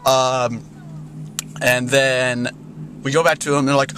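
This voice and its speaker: A man's voice: medium pitch, level tone, unhurried, pauses often, a bit bright, slight background noise. A young man telling a rambling story in a casual vlog, full of "like" and "you know", often laughing. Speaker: vlogger.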